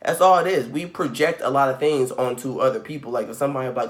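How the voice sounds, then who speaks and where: A man in his thirties who hosts a spiritual reading channel talks casually to camera at home in a medium-pitched voice, quick and with few pauses. He rambles, says "like" constantly, and acts out the voices he quotes.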